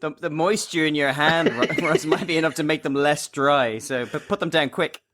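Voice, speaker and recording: A man co-hosting a podcast in casual chat, animated and quick to laugh. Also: fairly high pitch, a little hiss or hum. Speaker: podcast co-host.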